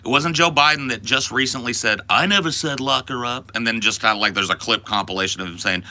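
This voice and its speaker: A man's voice: medium pitch, animated, fairly quick, hardly any pauses, bright, forceful tone. A man and podcast host in a profane, exaggerated comedic rant that swings into mock panic.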